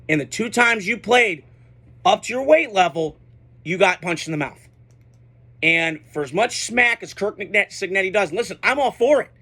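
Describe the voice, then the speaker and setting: Blunt high-voiced young sports ranter. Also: male voice, expressive, normal speed, sharp tone. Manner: blunt, unfiltered, profane. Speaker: sports commentator. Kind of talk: casual sports reaction monologue.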